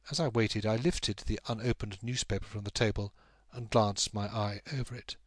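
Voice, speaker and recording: A man narrating a classic story in a measured, steady audiobook style. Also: on the low side, no room sound. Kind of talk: scripted narration.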